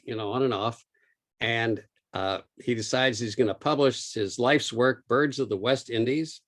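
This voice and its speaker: A man gives an illustrated talk about his own book, telling a lively story. He often pauses on small fillers while he talks. His voice is mid-pitched and is heard in a lecture room. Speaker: lecturer and author.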